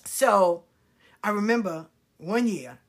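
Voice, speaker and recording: A woman's voice: medium pitch, slow pace. Frank woman telling candid stories. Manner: frank, profane, animated, swings from hushed to loud. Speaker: storyteller. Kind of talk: candid personal storytelling.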